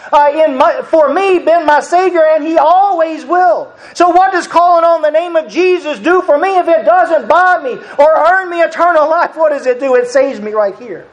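A preacher giving an earnest, repetitive sermon, often breaking into soft chuckles. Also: sits high, rough recording.

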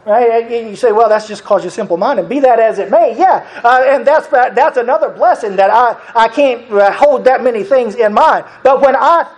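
A preacher giving an earnest, repetitive sermon, often breaking into soft chuckles. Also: mid-range voice, moderate pace, few pauses, poor audio.

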